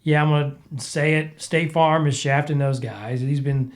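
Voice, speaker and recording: A man's voice: on the high side, steady tone, moderate pace. Congested man venting on his podcast. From American Midwest. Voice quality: cracked, clogged voice. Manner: rambling, exasperated venting. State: congested, recovering from illness. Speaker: podcast host. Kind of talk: casual solo podcast chat.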